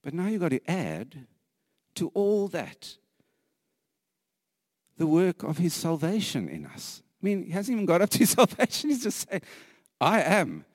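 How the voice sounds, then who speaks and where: A man preaching a sermon earnestly, repeating phrases for emphasis, sometimes dropping to a hushed whisper and laughing lightly between points. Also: high voice, wildly swooping pitch, moderate pace, long pauses, dry recording, studio quality, in a large hall.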